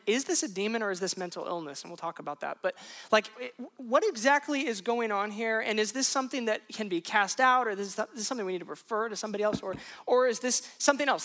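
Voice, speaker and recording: A woman's voice: medium pitch, fairly bright tone. A woman pastor preaching, telling a personal story in a loose, conversational way with frequent restarts. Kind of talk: sermon told as a personal story.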